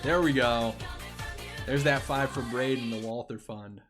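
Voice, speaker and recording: A man's voice: medium pitch, steady tone, measured pace, over music. A young man hosting a casual live stream, rambling and restarting his phrases as he talks to his chat.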